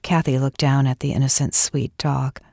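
A woman narrating a novel in a measured, expressive storytelling voice. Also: very deep voice, creaky, no room sound, clean studio sound. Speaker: audiobook narrator. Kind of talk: scripted narration.

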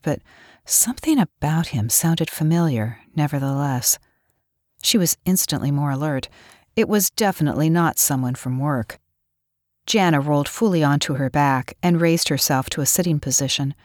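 Low-voiced woman narrating a novel. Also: animated, normal speed, no room sound, studio quality. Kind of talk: scripted audiobook narration.

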